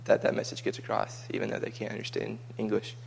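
Casual guy, low gravelly voice, flat delivery, rambling travel chat. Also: quick pace, slight background noise. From United States. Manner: chatty and rambling, with frequent repeated words. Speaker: vlogger recounting a mission trip.

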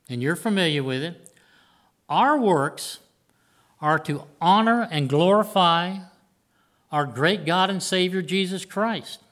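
A man's voice: a little high, a bit bright. An older man preaching a sermon to a congregation in an earnest, plain-spoken way. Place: church before a congregation.

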